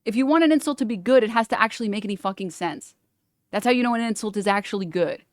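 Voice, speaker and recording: A woman's voice: on the high side, fast talker, dry recording, clean studio sound. Young woman laughing through sarcastic commentary. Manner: laughing, sarcastic, swears freely. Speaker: streamer reacting to a video. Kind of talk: casual reaction commentary.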